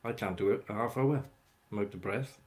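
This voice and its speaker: A man's voice: on the low side, a little fast, darkish tone. A man hosting a casual livestream, rambling as he chats with viewers by name. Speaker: livestream host chatting with viewers. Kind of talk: casual live chat.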